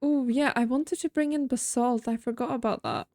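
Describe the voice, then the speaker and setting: A woman's voice: fairly high pitch, steady tone, moderate pace, a little mellow, no echo. A woman streaming a game, chatting casually and thinking aloud while she builds, mocking herself now and then. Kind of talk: casual gameplay commentary.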